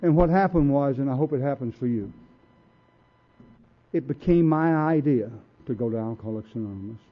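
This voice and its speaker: A man's voice: mid-range voice, brisk. Streetwise man telling his story, tinny. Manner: blunt streetwise storytelling, acts out quotes. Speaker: recovery meeting speaker. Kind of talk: personal story talk. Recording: tinny phone-like recording.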